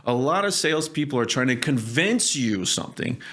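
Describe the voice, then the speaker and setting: A man's voice: medium pitch, moderate pace. A man giving sales advice in casual conversation, emphatic and punctuating points with "okay?". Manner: acts out sales calls in lively put-on voices. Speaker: sales coach guest.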